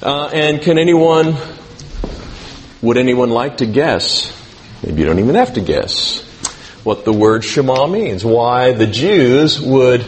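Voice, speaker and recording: A man's voice: medium pitch, slight background noise. Man teaching a Bible class. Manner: conversational teaching, asks the room questions. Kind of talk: sermon.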